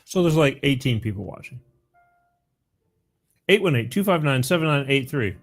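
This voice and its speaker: A man with a middle-pitched voice hosting a live call-in show, chatting loosely and wandering between thoughts. He keeps circling back to the phone number, and faint music plays under him. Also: animated, normal speed. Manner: rambling, repeats the phone number. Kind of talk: casual live call-in chat.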